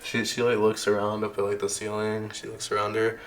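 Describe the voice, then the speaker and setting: A man narrating as game master in a casual, halting way with frequent restarts. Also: on the low side, completely flat delivery, fairly bright tone, a little hiss or hum.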